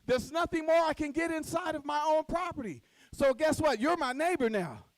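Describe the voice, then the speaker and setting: A woman delivers a motivational conference talk in a very high, dry-sounding voice. She is animated, acting out everyday scenes and throwing questions at her listeners as she builds each point. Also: moderate pace, no echo, low-quality recording. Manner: animated, acts out little scenes and quizzes the audience. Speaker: conference speaker. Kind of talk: motivational speech. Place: stage at a podium.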